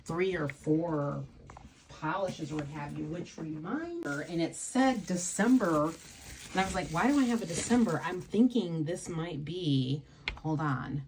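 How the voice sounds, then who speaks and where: Chatty low-voiced woman streamer. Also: animated, takes it slowly, darkish tone, slight background noise. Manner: chatty, rambling, many fillers. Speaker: nail polish livestream host. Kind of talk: casual livestream chat.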